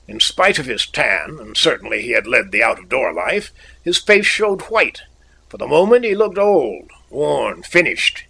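A man narrating a story in a measured, literary way. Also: mid-range voice, sing-song, vocal fry, bright, forceful tone, breathy edge, rough recording. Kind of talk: audiobook narration.

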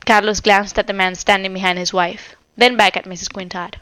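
A woman reading a storybook aloud in measured, expressive narration. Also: medium pitch, dry recording. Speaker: audiobook narrator. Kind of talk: scripted narration.

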